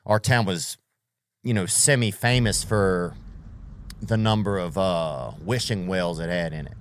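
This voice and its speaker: A man's voice: deep voice, measured pace, a little hiss or hum. A man doing a rambling, profane comedic monologue as a podcast host, full of slang and tangents.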